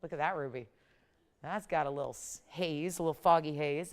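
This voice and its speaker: A woman's voice: low-pitched, a little fast. A woman hosting a live jewelry shopping broadcast, with upbeat, pushy sales patter. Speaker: shopping channel jewelry host.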